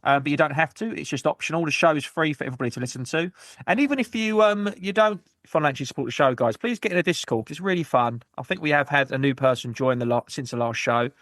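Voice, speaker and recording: A man hosting a gaming podcast on his own, rambling through shout-outs and jokey, self-mocking asides. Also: fairly high pitch, lively intonation, quick pace, no room sound, clean studio sound. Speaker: podcast host. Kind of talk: solo gaming podcast chat.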